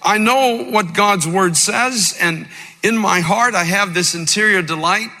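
Man preaching a sermon, gets fired up quoting scripture, echoey big church. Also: bright, forceful tone. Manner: impassioned, rising in pitch and slowing when quoting scripture. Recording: long hall reverb.

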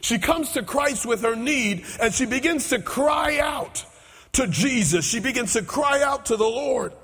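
High-voiced preacher in an echoing hall. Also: male voice, expressive, a little slow, breathy edge. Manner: repeats phrases, builds to shouts. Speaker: pastor. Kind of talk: sermon. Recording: echoey hall with long reverb.

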